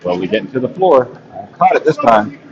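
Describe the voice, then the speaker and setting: A man's voice: medium pitch, very animated, fairly quick, dull audio, a little hiss or hum. A man doing live play-by-play for a ball hockey game, chatty and self-mocking, laughing often from his perch beside the rink. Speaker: play-by-play commentator. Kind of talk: live sports commentary.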